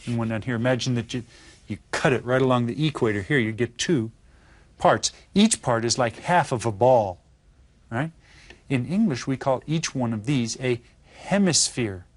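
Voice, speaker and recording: A man teaching an elementary lesson, patient and slow, repeating words and checking in with his students. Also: medium pitch, no room sound. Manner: patient, explains slowly with repeats and check-ins. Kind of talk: classroom lesson.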